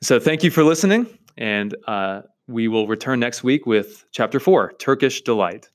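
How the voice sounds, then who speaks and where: A man's voice: medium pitch, animated, moderate pace. A man hosting a literature podcast, emphatically lecturing on a novel chapter in repeated lists. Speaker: podcast host teaching literature. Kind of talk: reading and analysing a novel chapter.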